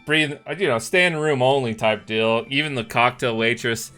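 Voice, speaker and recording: A man's voice: mid-range voice, normal speed, sharp tone, clear, resonant tone, soft background music. A man narrating as game master in a casual, profane tabletop session, often trailing off with fillers.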